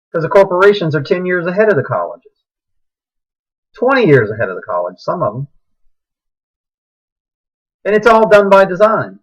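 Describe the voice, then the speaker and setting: A man's voice: on the high side, breathy edge, dull audio. A middle-aged man delivering an impassioned, preachy monologue that rises into agitated outbursts. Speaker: speaker sharing religious views.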